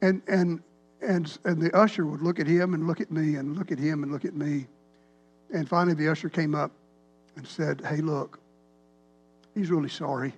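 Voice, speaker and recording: A man, a pastor telling a rambling, animated story in a sermon. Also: fairly high pitch, normal speed, dull audio, faint music behind. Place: church sanctuary.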